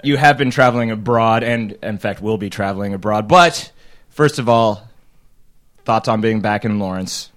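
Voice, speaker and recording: Deadpan man hosting a comedy podcast. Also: on the low side, normal speed. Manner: dry, deadpan. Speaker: podcast host. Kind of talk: comedy interview.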